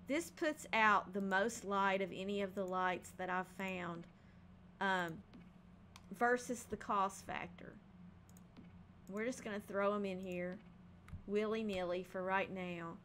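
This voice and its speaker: A woman's voice: mid-range voice, unhurried, fairly bright tone, a little hiss or hum. Chatty woman narrating a home build. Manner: chatty, thinking aloud with frequent ums. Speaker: game building video creator. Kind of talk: casual gameplay narration.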